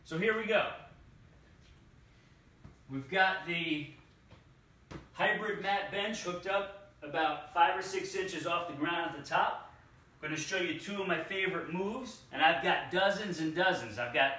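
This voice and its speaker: A man, a fitness coach, demonstrating exercises and cueing each move with slow, deliberate instructions. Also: sits high, pushed and bright. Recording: echoey room, distant mic.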